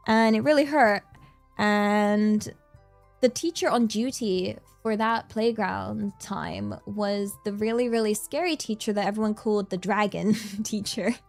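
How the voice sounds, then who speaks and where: A woman livestreamer in casual chat, giggly and rambling, thanking viewers as she reads the chat. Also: a little high. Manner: rambling, many fillers and restarts.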